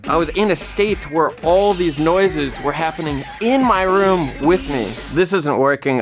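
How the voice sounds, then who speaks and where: A man telling a comic personal story in an animated way, his voice climbing high when he panics.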